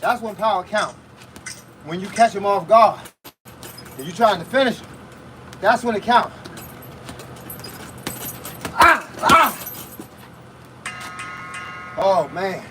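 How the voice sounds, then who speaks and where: Breathless, high-voiced boxing coach grunting through punches. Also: male voice, fairly bright tone, slight background noise, rough recording. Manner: grunts with each punch between short spoken cues. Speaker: fitness coach. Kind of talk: live boxing workout coaching.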